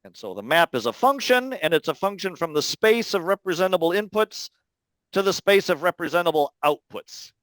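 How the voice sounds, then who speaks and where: A man giving an academic talk, explaining carefully in a measured way with frequent pauses. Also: high-pitched, sing-song, a bit bright, no echo, low-quality recording. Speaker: linguistics lecturer. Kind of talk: academic talk answering questions.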